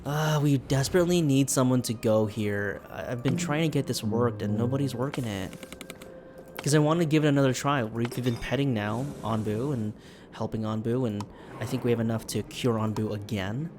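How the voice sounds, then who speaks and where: A man with a sick, hoarse voice casually commenting while playing a video game, thinking aloud in an easygoing way. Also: medium pitch, moderate pace, noisy background. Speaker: let's play host.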